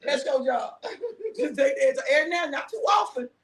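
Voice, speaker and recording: A woman's voice: high-pitched, animated, fairly quick, a bit bright, echoey room. A woman minister hosting a casual chat, telling a personal story with laughter and acting out the quoted dialogue. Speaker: minister and show host.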